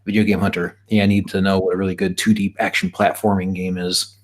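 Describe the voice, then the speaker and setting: Deep and flat, this man's voice moves fast as he hosts a stream. He jokes and chats loosely with the group, often restarting and padding with fillers.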